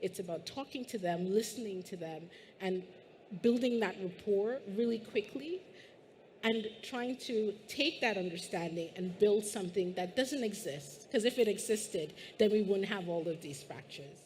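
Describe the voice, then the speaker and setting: Woman from Guyana, panel speaker, reflective storyteller with a medium pitch and faint background noise. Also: expressive, moderate pace, a little mellow. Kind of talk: panel discussion talk.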